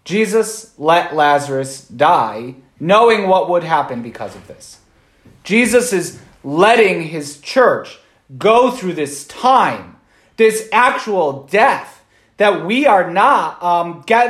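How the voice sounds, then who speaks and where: A man's voice: high voice, big pitch swings, slow, a bit bright, echoey room. A man, a Catholic priest, giving an informal Sunday homily in a conversational way, often checking in with "right?".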